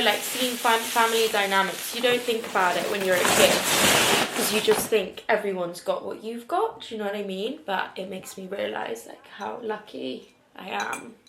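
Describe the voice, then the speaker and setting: A young woman, chatting casually to camera at home in a rambling way, saying "like" a lot. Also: mid-range voice. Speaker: lifestyle vlogger. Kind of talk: casual vlog chat to camera. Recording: echoey room with background noise.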